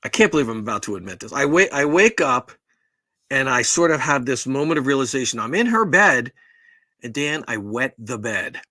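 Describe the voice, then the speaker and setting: A man's voice: mid-range voice, sing-song, normal speed, sharp tone, no echo. A middle-aged man co-hosting a podcast, telling a rambling, profane, self-deprecating story in casual chat. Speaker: podcast co-host.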